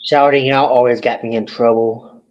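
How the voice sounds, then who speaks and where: Man, mid-pitched, muffled lo-fi sound, short agreeable replies. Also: fairly even intonation, normal speed, darkish tone. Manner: brief agreeing replies, laughs along. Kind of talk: casual chat.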